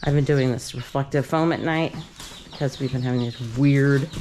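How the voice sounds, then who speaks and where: A woman's voice: steady tone, normal speed, a little mellow. Chatty woman vlogging on a farm. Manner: chatty, talks to her ducks in a high sing-song baby voice. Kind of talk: casual farm vlog narration. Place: outdoor farm pen with poultry. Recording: clear poultry noise in the background. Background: birds clucking and chirping.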